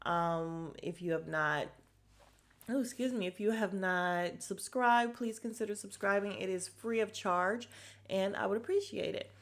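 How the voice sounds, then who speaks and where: A woman hosting a casual podcast recaps a reality show episode, blunt and sassy, swearing freely. She's animated and acts out the cast's lines, speaking a little slowly in a mid-range voice.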